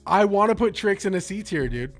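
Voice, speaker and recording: A young man streaming, chatting casually and excitably with his chat, full of slang, swearing and jokes. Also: sits high, a little fast, faint music behind.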